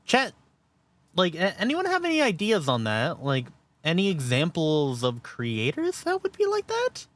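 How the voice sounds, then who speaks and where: A woman's voice: fairly low pitch, huge pitch swings, unhurried, no room sound. A woman streamer chatting casually while reacting to a clip, laughing often, swearing, and reading chat aloud.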